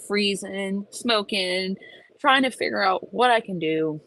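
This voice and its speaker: A young woman telling a story in a casual vlog, animated and profane, with plenty of emphasis. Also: mid-range voice, measured pace. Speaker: vlogger.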